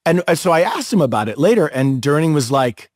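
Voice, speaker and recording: A man co-hosting a casual chat, telling lively anecdotes and acting out other people's lines as he goes. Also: a little high, brisk, background noise. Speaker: podcast co-host.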